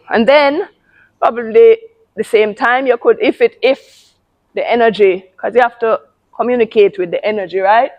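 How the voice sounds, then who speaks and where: A woman's voice: mid-range voice, muffled recording. A woman hosting a casual talk on parenting, speaking emphatically and often repeating words. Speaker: parenting channel host.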